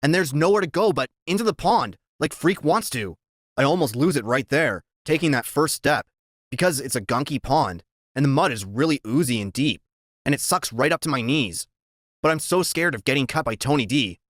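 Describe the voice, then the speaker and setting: A man reading a children's story aloud in the first person, telling it in a lively, expressive way. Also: medium pitch, moderate pace, no echo, studio quality. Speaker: reader.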